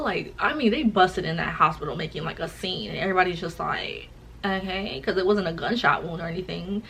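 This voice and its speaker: Animated young woman telling a story. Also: medium pitch, a little hiss or hum, low-quality recording. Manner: animated, acts out quoted voices. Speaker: vlogger. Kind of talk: casual storytelling chat.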